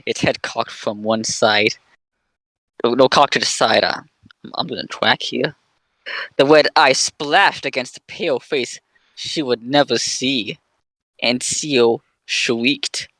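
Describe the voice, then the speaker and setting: A man co-hosting a podcast, reading a horror story aloud with halting, amused delivery. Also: medium pitch, sharp tone, dry recording. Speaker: podcast co-host. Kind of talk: casual read-along with jokes.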